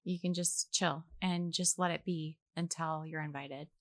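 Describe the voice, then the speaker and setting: A young adult woman, a guest on a faith podcast, talking in a casual, animated way and acting out the voices she quotes. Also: deep voice, unhurried, dry recording, studio quality. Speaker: guest, actress.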